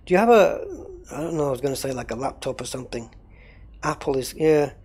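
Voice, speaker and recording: A man's voice: medium pitch, fast, darkish tone, breathy edge. A man running a gaming livestream, rambling casually and thinking aloud while he troubleshoots.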